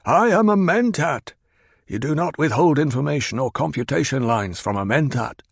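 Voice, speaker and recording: Man voicing a shrewd bitter old spymaster, clipped, insistent, husky, gravelly. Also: on the high side, lively intonation, normal speed, no room sound, studio quality, voice pushed up, exaggerated voice. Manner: clipped, cutting, coldly insistent.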